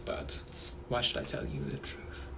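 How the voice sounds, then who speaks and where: A man voicing a suave, menacing 1800s British gentleman with a British accent, in whispered role-play, purring and teasing. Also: measured pace, noisy background, lightly acted.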